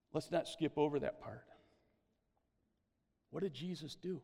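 A man preaching a sermon, telling stories with animated exclamations of praise. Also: on the high side, unhurried, creaky, pauses often, slightly rough, big-room sound.

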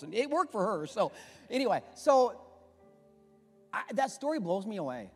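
A middle-aged pastor preaching in an emphatic, conversational, storytelling way, recorded in an echoey church with faint music. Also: male voice, sits high, sing-song, moderate pace, long pauses, a little mellow, slightly rough. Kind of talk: sermon. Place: church sanctuary.

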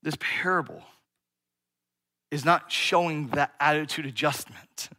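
This is a middle-aged male pastor whose voice is a little high, bright and forceful, moving at an unhurried pace. His sermon feels conversational, peppered with "right?" as he keeps checking in with the congregation.

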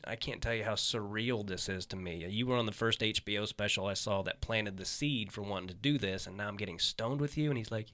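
A man who is a stand-up comedian hosts a podcast, chatting casually and telling stories with lots of swearing. An animated storyteller who acts out quotes, he talks fairly quickly in a lowish voice with few pauses.

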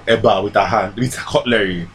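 A man's voice: lowish voice, a little fast, slight background noise. A young man co-hosting a casual podcast chat and telling stories, acting out what other people said. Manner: animated storyteller who acts out what others say. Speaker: podcast co-host.

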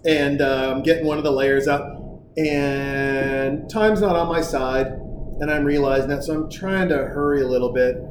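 Slightly high-voiced guy from montana, swears a lot, does the voices, roomy echo and noisy background. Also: moderate pace. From Montana, USA. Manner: animated, profane storyteller, acts out quotes. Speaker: podcast co-host. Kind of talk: casual chat. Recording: echoey room with background noise.

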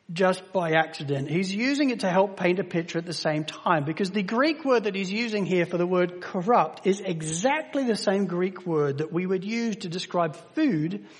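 An English man preaching a sermon to a congregation, emphatic, slowing down to stress words and rising in volume at key points. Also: high-pitched, breathy edge. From England. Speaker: pastor. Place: church hall with long reverb. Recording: reverberant church hall.

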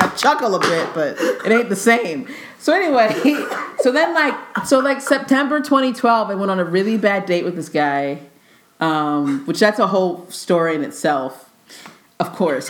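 Animated, foul-mouthed young woman storyteller. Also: mid-range voice. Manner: animated, profane, laughs often, acts out quoted dialogue. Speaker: stand-up comedian guest. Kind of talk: casual podcast storytelling. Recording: roomy echo.

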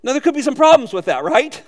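A man's voice: extremely high pitch, very animated, brisk, big-room sound. A man preaching a sermon as pastor, animatedly acting out quoted lines and chuckling often.

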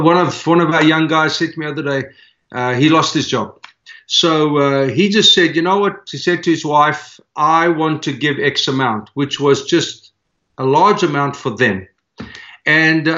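Earnest pastor telling a story, lo-fi. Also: male voice, fairly high pitch. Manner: earnest, animated storyteller who acts out quoted dialogue. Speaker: pastor and church leader. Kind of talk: conversational storytelling in an interview. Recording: dull, lo-fi sound.

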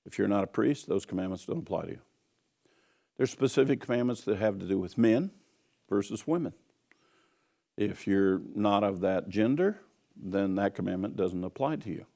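Gravelly low-voiced man teaching scripture. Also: lively intonation, normal speed, pauses often, dark tone. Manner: earnest, emphatic, repeats key phrases. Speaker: Bible teacher. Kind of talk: teaching sermon.

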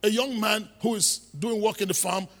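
A man's voice: sits high, fairly even intonation, normal speed, a bit bright, big-room sound. A man preaching a sermon, emphatic, repeating phrases and building into exhortation.

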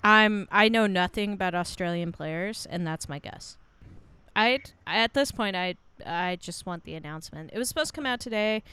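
A woman's voice: mid-range voice, normal speed, pushed and bright, clean tone. A woman co-hosting a casual podcast chat over a remote call, tipsy from drinking, chatty and giggly. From United States. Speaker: podcast co-host. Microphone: remote call mic.

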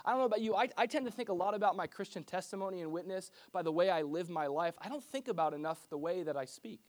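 A man's voice: sits high, quick pace, a little mellow. A man preaching a sermon to his church as pastor, in a conversational style that mixes personal stories with scripture.

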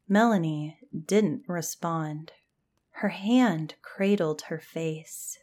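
A woman narrating a scripted campfire story in a calm, measured way. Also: sits low.

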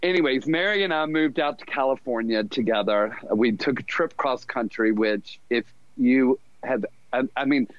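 A man's voice: medium pitch, moderate pace, few pauses, no echo. Chatty middle-aged man, dull dry sound. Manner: chatty, laughs often, mimics others' voices. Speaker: podcast guest. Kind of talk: casual storytelling. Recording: dull lo-fi recording.

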